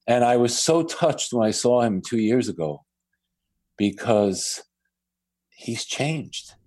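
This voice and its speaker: A man's voice: medium pitch, lively intonation, slow, a little mellow. A man who is a podcast guest, telling reflective stories with frequent restarts. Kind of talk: storytelling in a podcast conversation.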